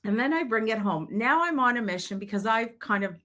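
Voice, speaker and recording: A woman's voice: on the high side, expressive, fairly quick, fairly bright tone. A middle-aged woman, a psychic medium, telling a story in an interview and acting out the quoted voices.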